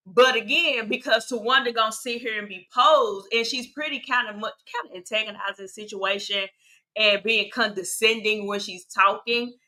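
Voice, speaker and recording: A woman co-hosting a casual gossip chat about a reality show, animated and opinionated, laughing often. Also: medium pitch.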